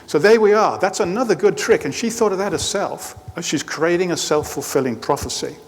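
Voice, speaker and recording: A man's voice: high voice, a little fast. Man telling stories in hall. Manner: anecdotal storytelling with light humor. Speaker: performance coach giving a talk. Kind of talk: presentation to a live audience. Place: lecture hall. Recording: reverberant hall.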